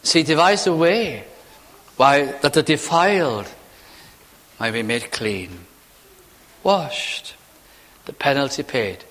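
A man preaching a chapel sermon, asking repeated rhetorical questions and moving between loud and hushed delivery. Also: medium pitch, animated, takes it slowly, pauses often. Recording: long reverb of a large hall.

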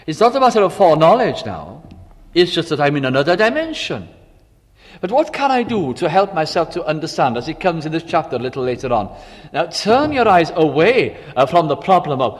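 An older man preaches with earnest conviction, his slightly high voice rising and falling in a lively way. He pauses often with fillers, moving between emphatic and hushed passages. His voice carries a long reverb from a large hall. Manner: earnest, pausing with many fillers, swings between emphatic and quiet. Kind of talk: sermon.

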